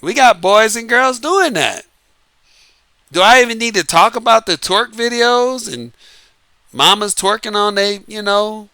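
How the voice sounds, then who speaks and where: Male vlogger, high, sharp and clean voice, dry close sound, laughs through a loose slangy rant. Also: lively intonation, unhurried, clear, resonant tone, no room sound. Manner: laughs often, uses Southern-flavored slang. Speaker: online commentary host. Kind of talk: casual monologue to viewers.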